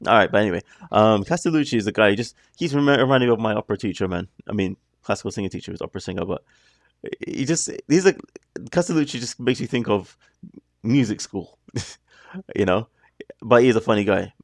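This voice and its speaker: A man's voice: lowish voice, expressive, quick pace, no room sound, studio quality. A man hosting a reaction video, talking through the music in a chatty, rambling way that keeps breaking off mid-thought. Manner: chatty, rambling, self-interrupting. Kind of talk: casual rambling commentary.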